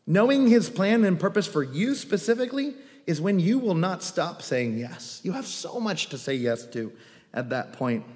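A man preaching a sermon as pastor, animated, with joking asides and quoted voices. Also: high-pitched, moderate pace. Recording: long reverb of a hall.

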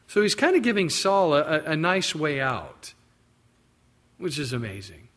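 A man's voice: fairly high pitch, big pitch swings, normal speed, a bit bright. A man preaching a sermon, reading scripture aloud and then explaining it in plain, conversational terms. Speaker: pastor. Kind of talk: expository sermon.

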